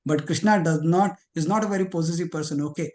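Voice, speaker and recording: A man participant sharing a thoughtful, halting point in an online scripture class. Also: a little high, darkish tone.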